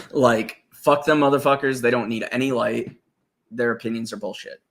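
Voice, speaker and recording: A man's voice: mid-range voice, expressive, unhurried. A man chatting casually as a guest, rambling and swearing freely, laughing often. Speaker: guest musician. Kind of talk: casual profane chat.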